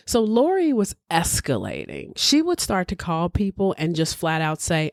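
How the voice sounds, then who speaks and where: A woman's voice: lowish voice, wildly swooping pitch, a little slow, darkish tone, no room sound, clean studio sound. A woman podcast host telling a true-crime story in a casual, chatty way with blunt asides.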